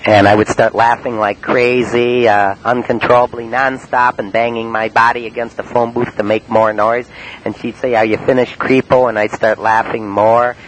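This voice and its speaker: A man in a spoken-word monologue, recounting his prank calls in a halting, matter-of-fact way with many uhs and ums. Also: medium pitch, level tone, a little hiss or hum, low-quality recording. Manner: halting, full of uh and um.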